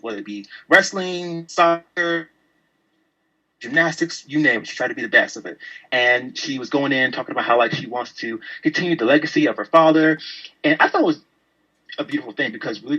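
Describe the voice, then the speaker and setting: A man co-hosting a wrestling podcast, talking casually with a sassy, profane, animated manner. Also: mid-range voice. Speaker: podcast co-host. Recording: dull lo-fi sound.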